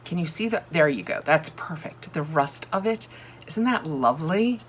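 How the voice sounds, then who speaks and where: A woman's voice: low voice, animated, moderate pace, slight background noise. A woman chatting casually through a home decor unboxing, thinking aloud and gushing over each item. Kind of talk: casual chat.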